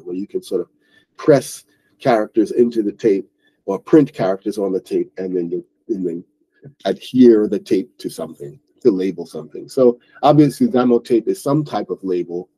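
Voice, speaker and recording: A man's voice: fairly low pitch, mellow, husky, poor audio. A man hosting an online English book club, explaining a story in a loose, rambling way with many fillers and restarts. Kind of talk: casual explaining lesson.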